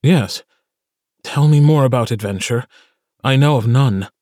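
A man's voice: medium pitch, unhurried, mellow, no room sound, lightly acted. Male reader as a wary, formal young noble in an audiobook scene, dry studio sound. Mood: guarded. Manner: formal, guarded speech.

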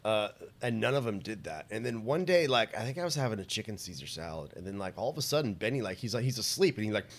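A man in a casual podcast chat who tells a rambling story and trails off quietly, with many fillers. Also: lowish voice, sing-song, fast talker.

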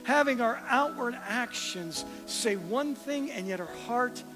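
Male preacher, high and bright, earnest questioning sermon delivery, faint music underneath. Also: expressive, unhurried. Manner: earnest, questioning, dropping to a soft hush for emphasis.

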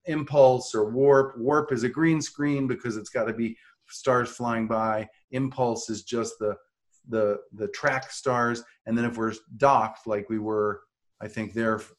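A man co-hosting a podcast, reminiscing in casual chat, trailing off and correcting small details. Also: on the low side. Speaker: podcast co-host.

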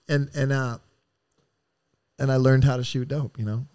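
A man's voice: medium pitch, fairly even intonation, moderate pace, pauses often, a little mellow, clear, resonant tone, no room sound, studio quality. A man telling stories as a podcast guest in a casual, rambling way, with heavy swearing and streetwise slang. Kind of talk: casual storytelling.

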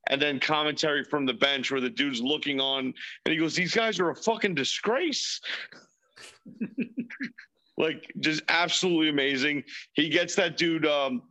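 A man's voice: on the high side, steady tone, normal speed, pushed and bright, poor audio. A man co-hosting a sports movie podcast, swearing freely and retelling movie scenes with gusto. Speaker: podcast co-host. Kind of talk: casual chat.

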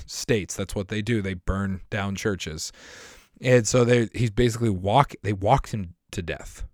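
A man hosts his podcast in a rambling, sincere monologue, his voice hoarse and rough from a lingering cough. He clears his throat now and then and restarts his sentences. The recording is close and dry, with no room sound. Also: fairly low pitch, dry recording. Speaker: podcast host.

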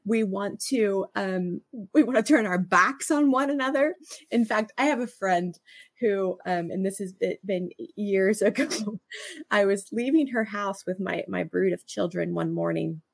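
A middle-aged woman co-hosts a podcast in a mid-range, unhurried voice with vocal fry and a breathy edge, recorded dry. Her talk is earnest and reflective, full of restarts and stammers, and she laughs easily.

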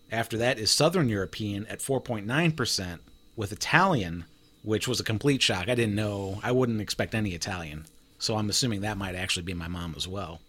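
A man's voice: fairly low pitch, fairly bright tone. A man hosting a casual group chat, reading out figures and laughing often. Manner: chatty, reads numbers out, laughs often. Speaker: host.

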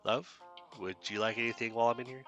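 A man voicing a kind, gentle middle-aged mother welcoming a guest into her home. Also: mid-range voice, fairly even intonation, fast, muffled recording, soft background music, voice pushed up, natural voice.

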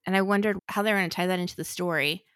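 A woman's voice: fairly low pitch, steady tone, very fast, a bit bright, clean tone, no echo, studio quality. A woman co-hosting a podcast, chatting casually and enthusiastically about a holiday movie, giggling now and then. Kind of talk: casual chat.

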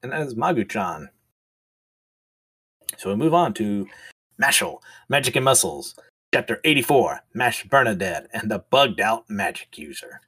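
A man's voice: fairly low pitch, sing-song, unhurried, pauses often, fairly bright tone, husky, no room sound. Chatty man reading out comics. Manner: chatty, laughs often, restarts. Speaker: manga reviewer. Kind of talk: casual reading and commentary.

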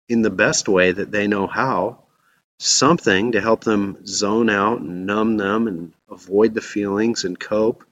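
Low-voiced man preaching a sermon. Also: muffled recording. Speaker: pastor.

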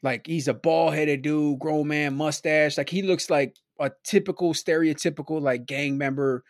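Man from Milwaukee, loose casual storyteller, leans on "like" and "right?", lightish pitch, dry close mic. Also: fairly even intonation, normal speed, dry recording. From Milwaukee, USA. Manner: rambling, peppered with "like" and "right?". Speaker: podcast guest.

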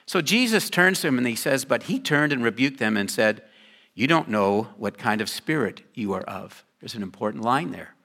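An older pastor delivers a sermon to his congregation in a relaxed, chatty manner, slipping in jokes along the way. His bright voice swings widely in pitch with a sing-song lilt, and he speaks at a normal pace.

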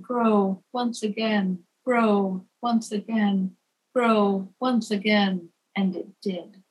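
A woman narrating a gentle fable at an unhurried pace, softly chanting the repeated refrains. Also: mid-range voice, husky, low-quality recording. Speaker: storyteller. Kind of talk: scripted narration.

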